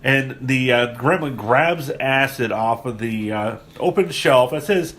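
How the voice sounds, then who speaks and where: A man's voice: mid-range voice, a little slow, a bit bright. A man hosting a casual movie podcast, rambling with many fillers and restarts, recorded at someone's home. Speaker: podcast host. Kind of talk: casual movie review chat. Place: guests' home, remote location.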